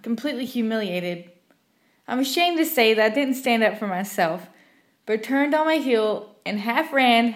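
A young woman from Southwest Virginia with an Appalachian accent, narrating personal stories in a wry, self-deprecating way. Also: fairly high pitch. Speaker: storyteller podcast host. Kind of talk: scripted story narration.

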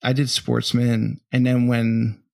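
A man's voice: medium pitch, slow, vocal fry, no room sound, clean studio sound. A man hosting a podcast, chatting casually and asking curious questions. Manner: laughs easily, relaxed and curious. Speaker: podcast host. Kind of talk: casual interview chat.

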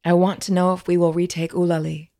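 A woman's voice: fairly low pitch, level tone, brisk, warm tone, no room sound, studio quality, natural voice. A woman voicing an earnest, respectful young woman seeker speaking to a spirit.

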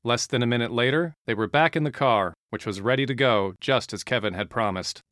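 A man narrating an audiobook in a steady, even reading style. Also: medium pitch, a little fast, dry recording, studio quality.

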